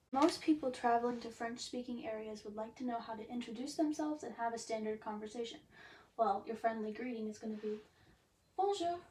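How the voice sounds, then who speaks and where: A woman teaching a beginner language lesson, explaining step by step in a chatty way and saying example phrases with lively rises. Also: a little high, slight background noise.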